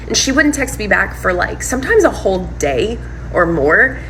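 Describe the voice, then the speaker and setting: A woman retells a personal story in a loose, casual monologue. She is animated and fills her talk with "like" and "um". Her voice sits mid-range, with a faint hum of ambience behind her. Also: medium pitch, moderate pace, poor audio. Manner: animated retelling, heavy use of "like" and "um". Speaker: storyteller recounting her breakup.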